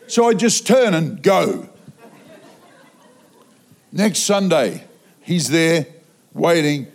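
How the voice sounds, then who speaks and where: A man preaching in a church auditorium, telling a funny story with animated delivery and sudden loud outbursts. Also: a little high, drawn-out words, long pauses. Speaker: traveling preacher. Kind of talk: sermon.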